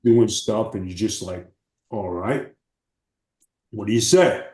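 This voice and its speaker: A man with a low, dark voice tells his stories in an animated, salty way, often putting on the voices of the people in them. The sound is roomy and echoey. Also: slow. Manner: animated, profane storytelling with acted quotes. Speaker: interview guest, former wrestler. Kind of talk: casual storytelling.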